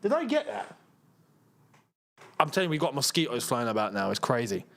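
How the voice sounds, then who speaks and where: A young man hosting a live football watchalong, chatting casually and reacting loudly to chances on the pitch. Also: huge pitch swings, brisk. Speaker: football channel host. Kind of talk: live match watchalong chat.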